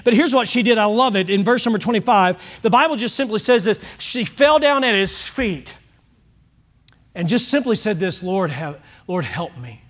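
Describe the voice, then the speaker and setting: A man preaching a sermon as pastor, folksy and animated, swinging from loud to hushed. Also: very high-pitched, normal speed.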